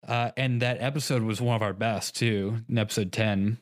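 With a lowish, steady voice at a moderate pace, a young podcast co-host chats casually, recorded studio-clean with no room sound. He meanders through a story and frequently laughs at his own expense.

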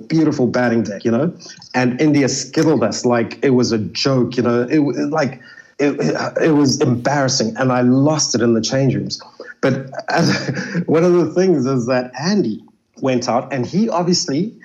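A man recounts stories as a guest in a relaxed interview, his voice sitting at an ordinary middle pitch. He talks in a loose, chatty flow, leaning often on "you know". The audio is a little dull and lo-fi. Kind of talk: casual storytelling in an interview.

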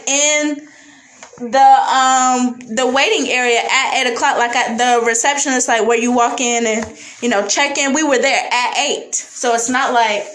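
A woman on a podcast telling a personal story in a blunt, animated, casual way, with Southern US slang. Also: a little high, rough recording. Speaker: podcast guest.

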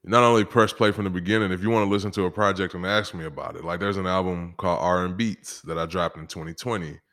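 A man's voice: deep voice, fairly even intonation, fast, fairly bright tone. A man guesting on a podcast as a musician, talking bluntly with dry jokes and no patience for small talk. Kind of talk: casual interview chat.

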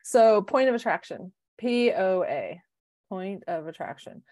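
A middle-aged woman chats on a podcast in a rambling, heartfelt way, jumping between thoughts. Her voice sits at an ordinary pitch for a woman, recorded close and dry with no room sound. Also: a little slow, dry recording. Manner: emotional, rambling, animated self-talk. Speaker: life coach and podcast co-host. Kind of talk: casual podcast chat.

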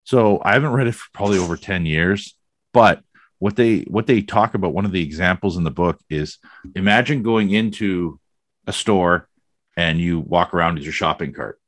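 Male podcast host, very low voice, loose rambling delivery, dry close mic. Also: normal speed, no echo. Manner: rambling, frequent fillers. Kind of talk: casual conversation.

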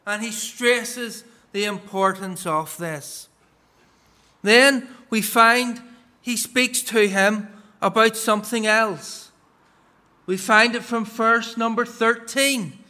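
A male preacher giving a sermon in a measured, emphatic way, reading scripture aloud and stressing key words. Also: sits high, bright, forceful tone. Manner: reads scripture passages aloud.

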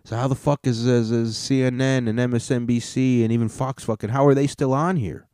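A man's voice: mid-range voice, fairly even intonation, a little fast, mellow, dry recording, clean studio sound. A man hosting a podcast, ranting in a rambling, profane and sarcastic way. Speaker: podcast host. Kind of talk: casual podcast rant.

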